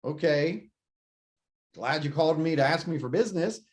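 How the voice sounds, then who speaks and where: A man co-hosting a casual podcast, talking shop with lively energy and acting out imagined phone calls. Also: on the high side, normal speed. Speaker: podcast co-host. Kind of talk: casual real estate podcast chat.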